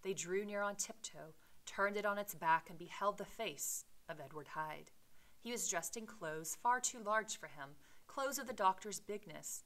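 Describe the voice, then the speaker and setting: A woman's voice: mid-range voice, moderate pace, fairly bright tone, low-quality recording. A woman teacher reading a classic novel aloud and voicing its dialogue with dramatic emphasis. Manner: casual explanatory asides with fillers. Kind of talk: read-aloud with commentary.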